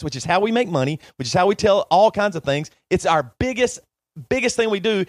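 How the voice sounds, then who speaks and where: A man's voice: high-pitched, no echo, studio quality. A man co-hosting a podcast, emotional and pleading as he argues with a friend and talks over him. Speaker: podcast co-host. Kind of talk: heated argument between friends.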